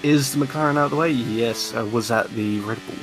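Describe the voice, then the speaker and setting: A man giving calm, corner-by-corner commentary on a sim racing lap, explaining braking and racing lines. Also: mid-range voice, brisk, noisy background. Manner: relaxed, talks through a lap corner by corner.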